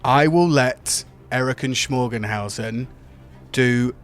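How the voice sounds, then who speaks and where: A man's voice: mid-range voice, slow. A man narrating as game master for a tabletop game, playful and teasing, describing scenes vividly.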